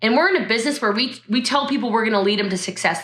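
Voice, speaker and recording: Woman, motivational speaker, higher voice, bright tone, echoey video call. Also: racing. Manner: emotional, laughing, talks straight to viewers. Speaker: network marketing speaker. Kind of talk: motivational talk. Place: her home.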